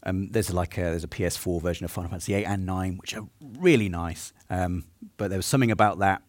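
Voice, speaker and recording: A man's voice: deep voice, fast talker, dry recording. A man co-hosting a live podcast, chatting enthusiastically about old games. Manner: enthusiastic, rambling. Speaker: podcast co-host. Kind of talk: live podcast chat on stage. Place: stage before a live audience.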